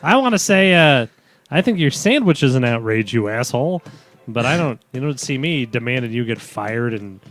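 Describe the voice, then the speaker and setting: Lively bright-voiced podcast storyteller man. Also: medium pitch, normal speed. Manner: animated storyteller, mimics voices. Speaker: podcast co-host. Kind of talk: crude casual banter.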